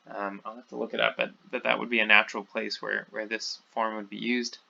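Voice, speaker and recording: A man's voice: on the low side, little pitch movement, fairly quick, vocal fry, pushed and bright. A man teaching a recorded class lecture in an informal way, with many fillers and restarts. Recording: dull lo-fi audio.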